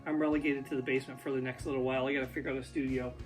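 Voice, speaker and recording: A man's voice: mid-range voice, flat delivery, rapid-fire, music in the background. A man casually vlogging from his home basement, talking unscripted and rambling as he reviews food. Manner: rambling, off-the-cuff, chatty. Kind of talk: casual unscripted vlog talk. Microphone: ear pod.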